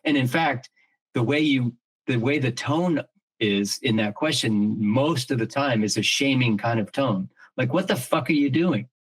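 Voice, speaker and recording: The recording is rough, and the middle-aged man's medium-pitched voice has a breathy edge and a measured pace. Co-hosting a podcast, he talks casually but earnestly, reflecting as he thinks aloud, with many restarts and an odd casual curse.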